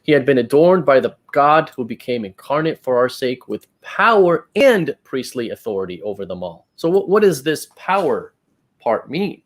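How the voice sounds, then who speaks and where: A man hosting a casual discussion, reading passages aloud and pushing back on them with exasperated emphasis. His voice sits at a middle pitch. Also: very animated, moderate pace. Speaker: channel host.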